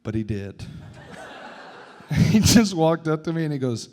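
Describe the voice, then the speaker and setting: Male comedian, fairly high voice, loud and laughing, profane, live comedy club stage mic. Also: big pitch swings, measured pace. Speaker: comedian and teacher.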